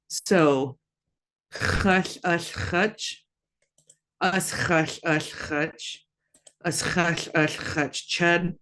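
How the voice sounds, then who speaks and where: A woman teaching a language lesson, slow and patient, repeating words for learners to echo. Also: on the low side, a bit bright, a little hiss or hum.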